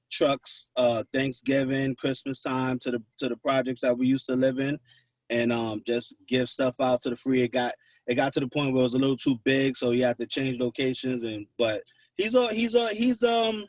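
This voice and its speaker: A man's voice: medium pitch, no echo, recorded from a distance. A man from New City, a DJ guest on a radio show chatting casually and hesitantly, restarting phrases as he thinks. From New York City. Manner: hesitant, repeats words while thinking. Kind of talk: casual interview chat.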